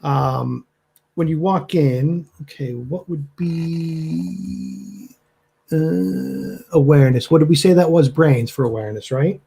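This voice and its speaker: A man's voice: fairly high pitch, expressive, takes it slowly, gravelly, warm tone, husky. A man narrating as game master, casual and stopping often to search for words.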